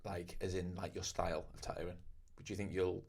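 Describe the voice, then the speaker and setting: A man hosting a casual chat, relaxed and asking his guest questions. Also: sits low, brisk, vocal fry, breathy edge. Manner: relaxed, conversational, asks questions. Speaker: host, tattoo artist.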